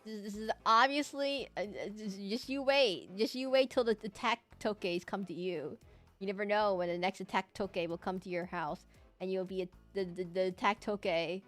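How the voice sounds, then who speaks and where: A woman's voice: medium pitch, normal speed, a bit bright, faint music behind. A young woman streaming while she draws, chatting casually in a rambling, giggly way that hops between tangents. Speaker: streamer drawing live. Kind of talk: casual chat while drawing.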